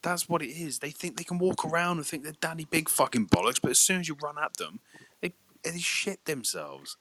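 A young man, telling a sweary, animated story in casual chat. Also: a little high, brisk, a little hiss or hum.

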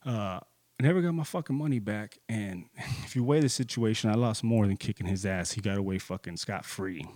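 Heated, profane man with a low voice. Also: a little fast, darkish tone, no room sound. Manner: lots of filler, "dude" and "you know". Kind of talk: casual storytelling.

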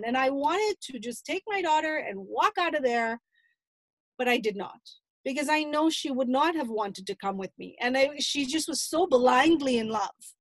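A woman's voice: sits high, expressive, moderate pace, dry recording. A middle-aged mother recounting an emotional family story, replaying her own past dialogue at length. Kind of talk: personal storytelling.

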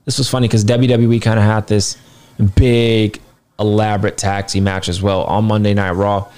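A man with a somewhat low voice talks through a wrestling show review in a loose, opinionated way. He is blunt, drops the odd curse word and rambles into asides, sounding tired throughout. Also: flat delivery, normal speed, darkish tone, clean tone. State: tired, yawning.

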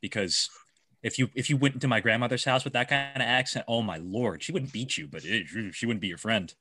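A man's voice: mid-range voice, a little fast, husky, no room sound. A man co-hosting a casual comedy podcast, crude and joking as he tells family stories. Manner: crude, joking, animated storytelling.

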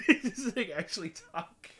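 Animated, joking young man. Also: high voice, a little slow, breathy edge. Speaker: podcast co-host. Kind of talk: casual chat.

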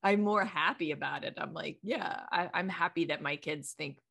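A woman's voice: sits low, normal speed, gravelly, a bit bright, breathy edge. A middle-aged woman hosting a podcast in casual chat, rambling along in a stream of thought and laughing often. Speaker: podcast host.

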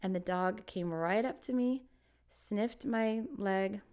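Woman, podcast co-host, animated storytelling, casual chat, mid-pitched voice, frequent laughs. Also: slow pace, smooth.

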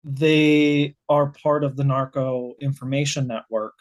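Animated American guest researcher. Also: mid-range voice, unhurried. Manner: animated, thinking aloud with many restarts. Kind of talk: casual explanatory conversation.

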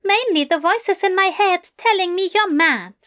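A woman's voice: extremely high pitch, moderate pace, a bit bright, pitched above the performer's own voice. A woman voicing a fussy, anxious male angel who talks in a flustered, hesitant way. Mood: teasing.

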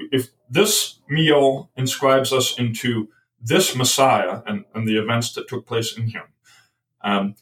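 A man's voice: medium pitch, a bit bright, recorded from a distance, rough recording. A man explaining ideas in a podcast conversation as the guest author, thoughtful and hesitant, often restarting his sentences.

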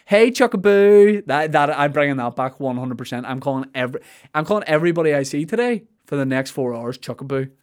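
A man's voice: mid-range voice, fast. A man, a comedian riffing playfully through a podcast monologue with plenty of swearing.

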